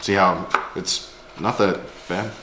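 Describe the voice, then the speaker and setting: A man's voice: low-pitched, fairly even intonation, slow pace. A man co-hosting a casual on-camera chat, making short teasing, dry remarks. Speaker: co-host and partner of the host. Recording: roomy echo with clear background noise.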